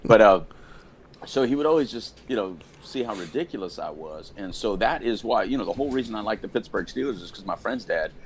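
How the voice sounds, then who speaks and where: A middle-aged American man co-hosting a casual podcast chat, telling stories in an animated way and acting out the people he quotes. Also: on the low side, fairly quick. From United States. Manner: storytelling, animated, acts out quotes. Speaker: podcast co-host.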